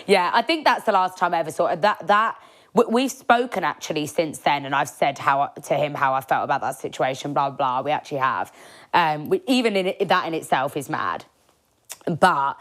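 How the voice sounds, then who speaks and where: A young woman hosting a solo podcast, telling a story in a chatty, animated way, acting out quotes and laughing often. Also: on the low side, normal speed. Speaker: podcast host.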